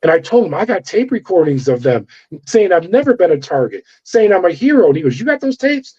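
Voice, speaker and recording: A middle-aged man, a former corrections officer, telling his story in an interview with animated, profane delivery and acted-out dialogue. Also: a little high, a little fast, slightly rough. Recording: dull lo-fi audio.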